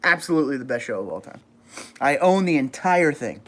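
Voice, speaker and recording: A man's voice: a little high, very animated, brisk. A middle-aged man from New York with a New York accent, chatting casually on a livestream and reading viewer comments aloud. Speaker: livestream host.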